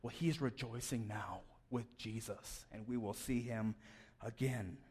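A man's voice: mid-range voice, steady tone, a little slow, a little mellow, slightly rough. A man preaching a sermon in a conversational way, often stammering and repeating words. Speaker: pastor.

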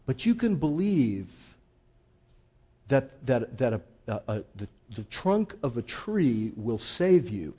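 A man preaching a conversational sermon, calling listeners folks and swinging from quiet intensity to loud emphasis. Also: medium pitch, big pitch swings, slow pace, slightly rough. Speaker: pastor.

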